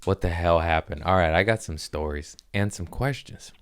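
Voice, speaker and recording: A man's voice: deep voice, normal speed, clear, resonant tone, no room sound, studio quality. A young man hosting a podcast in a podcast room, chatting casually in a rambling, profane, joking way. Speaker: podcast host. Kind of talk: casual comedic podcast chat.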